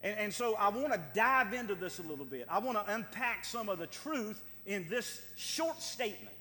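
Pastor, male, high bright voice, emphatic repeating sermon style, long hall echo. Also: sing-song, normal speed. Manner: emphatic, repeating phrases for stress.

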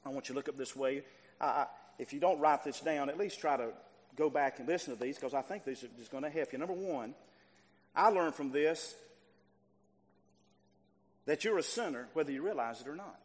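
A man preaching a sermon, emphatic and repetitive, swinging from quiet stretches to loud bursts. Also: a little high, a little fast, long pauses. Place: church sanctuary. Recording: long reverb of a hall.

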